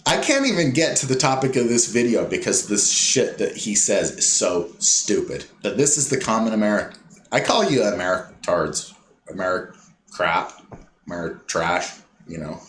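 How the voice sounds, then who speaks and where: A man delivering a rambling, scornful ranting monologue, mocking other people in quick put-on impressions. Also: fairly low pitch, very animated, a bit bright, a little hiss or hum. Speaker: commentator. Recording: echoey room with faint ambience.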